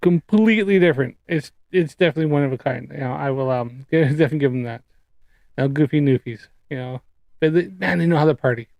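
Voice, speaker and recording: A man from the Canadian prairies livestreams a casual rant and chat as he debunks flat earth claims. His fairly high voice is fast, creaky and darkish in tone, with no room sound, and he rambles in a profane, exasperated way.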